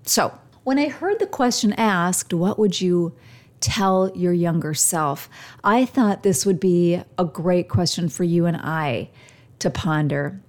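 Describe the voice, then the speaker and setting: A woman hosting a motivational self-help show, talking slowly and gently, pausing often as she guides listeners through reflection. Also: fairly low pitch, expressive. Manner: slow, gentle, reflective delivery with pauses. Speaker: show host.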